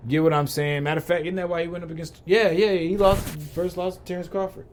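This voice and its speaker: A man's voice: high-pitched, flat delivery, quick pace, a little mellow. A man hosting a podcast, ranting in a heated, profane way and repeating rhetorical questions. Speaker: podcast host. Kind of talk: ranting commentary.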